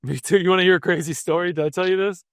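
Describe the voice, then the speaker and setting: A man's voice: high-pitched, flat delivery, rapid-fire, clear, resonant tone, no echo, clean studio sound. A man in his late thirties, a cartoonist guest, telling a personal story in a rambling, emotional way full of "like" and restarts. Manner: rambling, emotional, many fillers. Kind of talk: casual interview chat.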